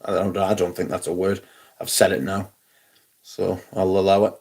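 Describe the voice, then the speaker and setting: A man's voice: sits low, flat delivery, normal speed, vocal fry, a little mellow, husky. A man hosting a casual live stream, chatting wryly and greeting viewers by name. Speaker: livestream host.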